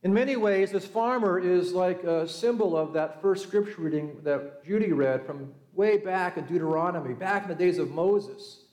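A man's voice: high-pitched, moderate pace, darkish tone, echoey room. A middle-aged male pastor preaching a sermon, telling the story conversationally and acting out the quoted voices. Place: church.

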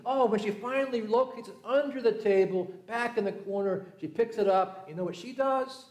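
A man's voice: high voice, moderate pace, hardly any pauses, echoey room. A man from Southern California preaching a sermon, telling stories and acting out the voices of the people in them. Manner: storytelling, acting out voices, shifts from lively to hushed. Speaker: pastor.

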